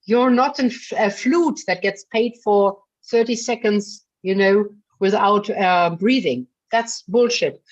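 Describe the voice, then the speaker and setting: Unhurried and with few pauses, a medium-pitched woman coaches a singer in a masterclass, blunt but affectionate and calling her darling. She's chatty, full of fillers, and the recording sounds dull and lo-fi.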